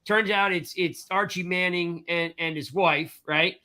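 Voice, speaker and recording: A man with a high, bright voice spins a long story on a casual sports chat show. He talks loosely and lively, tosses in "right?" again and again, and slips into quick impressions of the people in his tale. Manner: animated storyteller, acts out voices, repeats "I'm like" and "right?". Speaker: podcast co-host.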